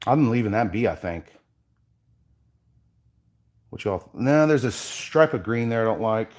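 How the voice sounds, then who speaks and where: Man, live workshop demo host, lively swinging pitch, casual chatty, talks to viewers, drops to a murmur while working. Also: a little slow. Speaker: epoxy artist and workshop host.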